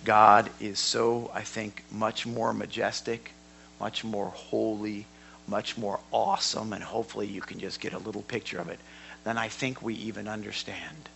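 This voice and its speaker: A man teaching a sermon in a church hall, emphatic and given to repeating words, swinging from quiet to loud. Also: lowish voice, fairly even intonation, normal speed, creaky, a little hiss or hum. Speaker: Bible teacher.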